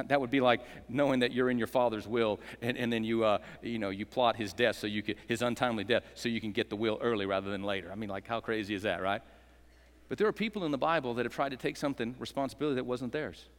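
A man's voice: mid-range voice, steady tone, fast talker. A male pastor preaching a dramatic sermon in a church, leading call-and-response and slipping in jokes. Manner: dramatic, rousing, call-and-response with joking asides. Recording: echoey hall reverb.

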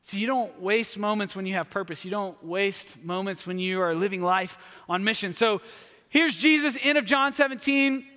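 Bright-voiced man preaching in a hall. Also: high-pitched, normal speed. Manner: energetic, humorous, with playful voiced asides. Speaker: pastor. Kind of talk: sermon.

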